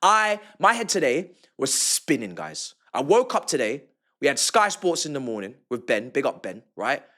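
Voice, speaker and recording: A young man hosting an excited post-match football reaction vlog, talking emphatically with slangy banter and repeated phrases. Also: mid-range voice, normal speed. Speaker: football fan reaction host.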